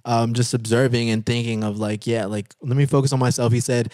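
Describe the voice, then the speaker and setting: A man's voice: medium pitch, flat delivery, fairly quick, few pauses, darkish tone, no room sound. A man in his twenties hosting a casual podcast chat, easygoing and agreeable, in a studio. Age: 20s.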